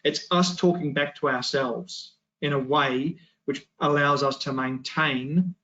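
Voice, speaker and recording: A man's voice: a little high, unhurried, pushed and bright, dull audio. A man teaching an adult Sunday school class, talking in a loose, conversational way with many restarts and rhetorical questions.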